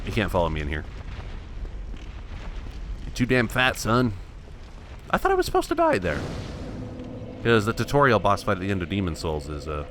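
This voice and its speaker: A man thinking aloud in wry, self-mocking let's play commentary, restarting his sentences often. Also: low voice. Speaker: gameplay commentator.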